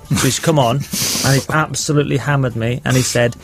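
A man, a former footballer, guesting on a radio show and telling stories in an animated, indignant way. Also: mid-range voice, fairly quick, few pauses, faint music behind. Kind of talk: casual chat. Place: radio studio.

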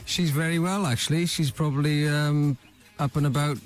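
A man's voice: fairly high pitch, steady tone. A man guesting on a radio show, a musician, joking about life on tour. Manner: joking, fast-talking. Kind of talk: casual radio chat.

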